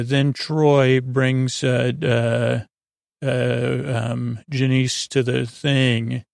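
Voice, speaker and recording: A man's voice: medium pitch, creaky, no room sound, studio quality. A man hosting a sleep podcast, loosely retelling a TV episode in a rambling, casual way with lots of fillers. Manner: loose, filler-heavy retelling, "he goes, she goes". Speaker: podcast host.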